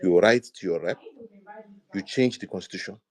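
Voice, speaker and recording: A man lecturing forcefully in a heated live discussion, mixing in Yoruba phrases. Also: deep voice, normal speed. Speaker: speaker in an online audio discussion.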